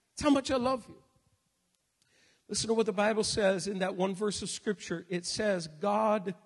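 A male pastor preaching a sermon in an emphatic way, slowing down and raising his voice on key phrases. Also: high-pitched, steady tone, fairly bright tone. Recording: long reverb of a hall.

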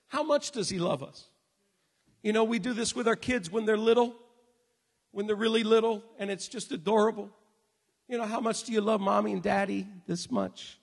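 A male pastor preaching a sermon in an emphatic way, slowing down and raising his voice on key phrases. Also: very high-pitched, creaky. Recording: long reverb of a hall.

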